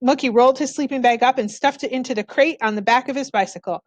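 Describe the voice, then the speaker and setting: A woman's voice: high voice, fast talker, no echo. A woman reading a children's novel aloud, narrating expressively in the first person. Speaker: storybook reader.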